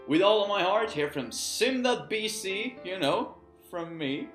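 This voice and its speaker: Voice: mid-range voice, sing-song, measured pace, hardly any pauses, fairly bright tone. Young vlogger rambling outdoors, jokey and self-mocking, roomy echo, bit of guitar behind. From Sweden. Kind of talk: recited poem then casual chat. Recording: echoey with faint guitar music.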